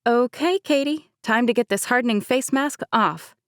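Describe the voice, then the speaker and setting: A woman's voice: mid-range voice, normal speed, clean tone, no room sound, natural voice. Woman reader as a Southern-accented young agent, soothing but firm, dry close read. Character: upbeat young female FBI agent.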